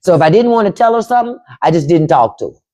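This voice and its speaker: A woman in her fifties talks straight to her livestream viewers, blunt and profane, with laughing asides. Her pitch swoops widely up and down on a slightly low voice. She slips into put-on voices to quote her mother and grandmother. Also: sing-song, very fast, warm tone. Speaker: podcast host on a livestream. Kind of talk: casual livestream storytelling. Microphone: phone or webcam livestream mic.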